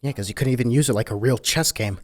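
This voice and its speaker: A man's voice: mid-range voice, fast talker. A man co-hosting a casual card game podcast, wry and joking, with sarcastic asides and mild grumbling. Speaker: co-host.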